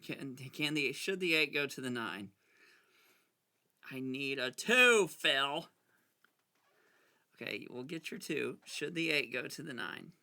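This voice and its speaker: A man casually talking himself through a card game, anxious and excitable, arguing with himself as he plays. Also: mid-range voice, normal speed, gravelly, few pauses. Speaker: gameplay video creator. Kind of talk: casual talk over a solitaire game.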